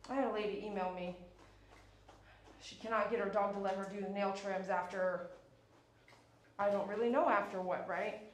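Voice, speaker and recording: A woman's voice: mid-range voice, steady tone, normal speed, long pauses. A woman dog groomer giving a chatty, instructive grooming tutorial and sometimes cooing to the dog she works on. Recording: echoey room, faint background noise.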